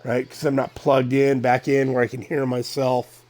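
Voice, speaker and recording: A middle-aged man streaming a video game, rambling casually and thinking out loud as he plays. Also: medium pitch, moderate pace. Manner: rambling, relaxed, thinking aloud with fillers. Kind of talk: casual gameplay chatter.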